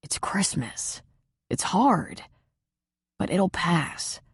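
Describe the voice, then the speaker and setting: A woman voicing a gentle man who speaks quietly and soothingly to a grieving friend. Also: fairly low pitch, animated, measured pace, breathy edge, no room sound, studio quality, exaggerated voice.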